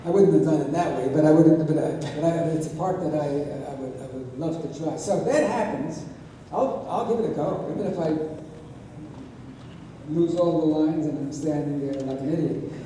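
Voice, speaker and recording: An eighty-two-year-old man tells wry stories to a convention crowd, stumbling and restarting as he goes. His voice sits a little high for a man. It comes from far off in a big echoing hall with a long reverb. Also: fairly quick, mellow, slight background noise. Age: 80s. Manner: rambling, self-correcting, wry. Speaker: convention panel guest. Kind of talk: convention Q&A storytelling.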